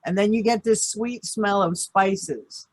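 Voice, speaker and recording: A man's voice: high-pitched, no room sound. A man hosting a casual video-call chat, teasing and joking playfully. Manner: playful teasing, quick jokes. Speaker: show host.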